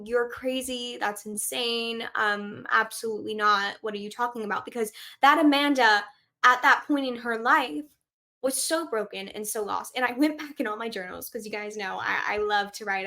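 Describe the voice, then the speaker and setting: A woman's voice: a little high, fairly bright tone. Bubbly young woman podcast host. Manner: bubbly, emphatic, laughs often. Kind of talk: casual solo podcast talk.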